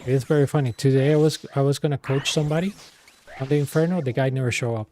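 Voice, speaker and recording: A man's voice: medium pitch, fast talker, darkish tone, slight background noise. A man streaming and coaching a game, telling an exasperated, rambling story full of filler words. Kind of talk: casual storytelling while streaming.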